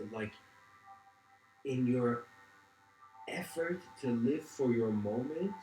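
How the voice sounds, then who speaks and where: A man's voice: mid-range voice, reverberant, poor audio. A man giving a reflective livestreamed lecture. He meanders, restarts often and says "you know" a lot.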